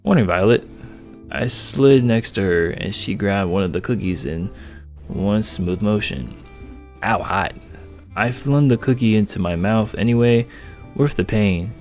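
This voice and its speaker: Brief: young male gamer, low voice, crude joker, faint guitar music behind. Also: unhurried, a little mellow. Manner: joking, crude, reads game text aloud. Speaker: gamer narrating a dating game. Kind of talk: let's play narration.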